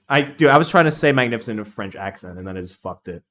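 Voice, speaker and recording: A young man streaming a casual, excitable game analysis, rambling and laughing at his own slips. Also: fairly low pitch, fast.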